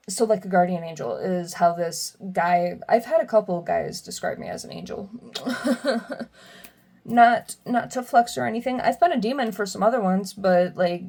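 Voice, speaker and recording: A young woman giving a casual tarot reading, chatty and quick to laugh as she reads the card messages aloud. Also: mid-range voice, creaky, mellow. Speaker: tarot reader.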